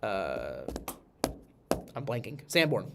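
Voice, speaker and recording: In a noisy setting, a podcast host chats casually about football with a fairly low, creaky voice and a slow delivery. He sounds congested and slightly nasal, rambling with animation and frequently starting over.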